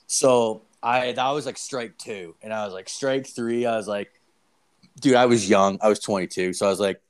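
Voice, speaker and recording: Man from Canada, loud swearing storyteller, mid pitch. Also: a little fast. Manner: constant swearing, animated and loud. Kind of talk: casual storytelling.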